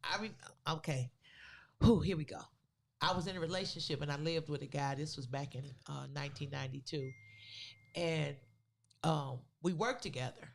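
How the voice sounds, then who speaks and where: A woman co-hosting a podcast, telling a personal story in a casual, animated way with loose, vernacular phrasing. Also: sits low, normal speed, creaky, slight background noise. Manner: animated, acts out the people in her story. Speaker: podcast co-host.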